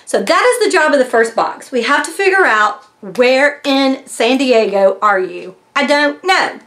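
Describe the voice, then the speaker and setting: A woman's voice: sits high, animated, measured pace, fairly bright tone. A woman chatting casually as she reviews a mystery box, retelling its story with lots of fillers. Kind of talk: casual chat.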